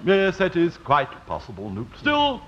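An actor playing a pompous, flustered bishop in a 1960s studio sitcom, on a muffled old TV recording with faint hiss. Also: male voice, a little high, huge pitch swings, measured pace. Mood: anguished. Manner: pompous, flustered, grandly quoting scripture. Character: pompous fussy middle-aged male bishop.

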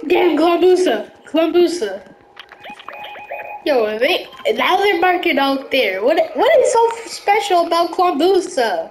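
A woman giving live gameplay commentary, excitable and slangy, often yelling reactions. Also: very high voice, takes it slowly, soft background music, poor audio. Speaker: gaming video creator.

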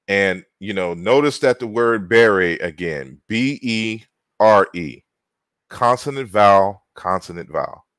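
A man giving an online lecture, slow and halting, spelling out words and often repeating himself. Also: on the low side, fairly bright tone, dry recording.

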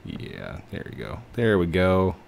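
Deep voiced guy goofing around in a let's play, voice bounces all over, laughs a lot. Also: very animated, measured pace, gravelly, darkish tone, a little hiss or hum. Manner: playful, laughs often, talks to game characters. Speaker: gaming channel host. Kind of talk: casual let's-play chat.

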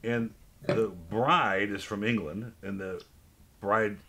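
A man hosting a wine tasting who tells an animated story in casual chat. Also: on the low side, takes it slowly, slight background noise. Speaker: wine club host.

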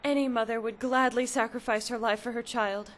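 A woman's voice: fairly high pitch, fairly even intonation, a little fast, close to an everyday voice. A woman voicing an earnest, pleading mother searching for her lost son in a dubbed drama. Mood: resolute.

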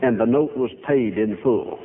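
An older man preaching a sermon, telling folksy, animated stories full of quoted dialogue. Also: mid-range voice, moderate pace. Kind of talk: storytelling sermon. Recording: tinny phone-like archive recording, faint hiss.

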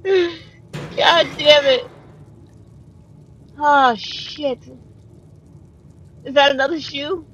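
High-pitched excitable young woman streamer. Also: extremely slow, long pauses, highs cut off, slight background noise. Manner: excitable, cursing, yelling at the game; laughs nervously between jumps. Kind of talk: live gameplay commentary.

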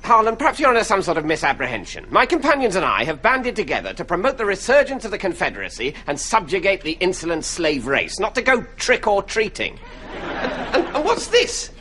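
A pompous Southern club leader with a Southern US accent, played by a man. He sounds bright and indignant, and his voice moves up and down a lot. This is sketch comedy. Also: sits high, wildly swooping pitch, brisk, slight background noise, full character voice.

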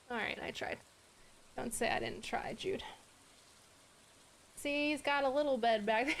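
A woman streaming live gameplay, chatting to her viewers, swearing freely and talking softly to her dog. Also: high voice, unhurried, creaky, pauses often, a little hiss or hum. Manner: swears often, chatty and exasperated; talks softly to her dog between game moments.

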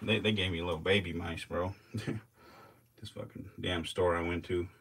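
A man casually commenting while filming, excitable and slangy, swearing often and talking both to his animals and to viewers. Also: deep voice, normal speed, background noise. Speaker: reptile keeper vlogger.

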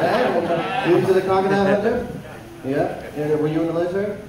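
A man doing stand-up in front of a live audience, teasing and chatting with the crowd in a loud, playful way. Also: fairly high pitch, normal speed, far from the mic. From El Paso, Texas. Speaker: stand-up comedian. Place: comedy show stage with a live audience. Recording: echoey live venue, mic from afar. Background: audience laughter and chatter.

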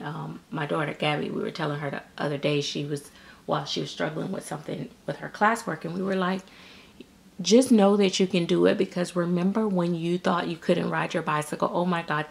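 A middle-aged woman talks casually to her viewers. Her voice sits a bit low and has a gravelly edge. She rambles, circles back and fills her sentences with "like" and "um.". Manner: rambling, many fillers and restarts. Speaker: reborn doll artist and vlogger.

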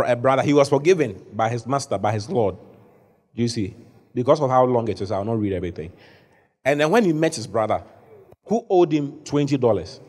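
Animated preacher man. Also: medium pitch. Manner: animated preaching, rising to shouts when acting out the story. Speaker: bishop preaching. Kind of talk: sermon.

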